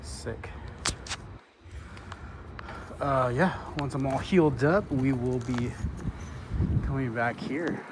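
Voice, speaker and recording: A young man chatting casually to the camera while riding his bike outdoors, in a relaxed, rambling way with laid-back slang. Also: mid-range voice, slow pace. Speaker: vlogger and bike rider. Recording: wind-buffeted outdoor action-camera audio. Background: wind noise and outdoor ambience.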